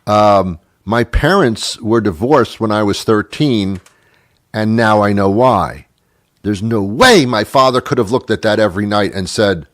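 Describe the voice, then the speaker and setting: A man's voice: fairly low pitch, unhurried, dry recording, clean studio sound. A middle-aged man hosting a radio show, delivering a rambling, wry comedic monologue with many restarts. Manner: rambling, self-interrupting, wry.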